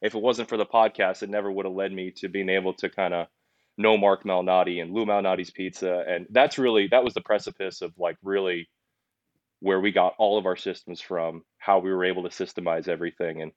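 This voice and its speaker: Speaking briskly in a deep, low voice, a young man who owns a pizzeria shares his story as a guest on a podcast in a casual storytelling interview. He comes across as earnest and animated, though he often stumbles and starts over. The audio is dry, somewhat dull and lo-fi, with no room sound.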